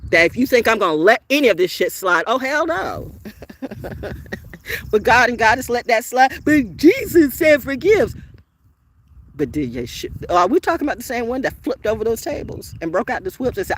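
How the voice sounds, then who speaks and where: A woman vlogger telling a story in an unscripted, profanity-laden rant, swinging between loud outbursts and hushed, low talk. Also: very animated, moderate pace, slight background noise.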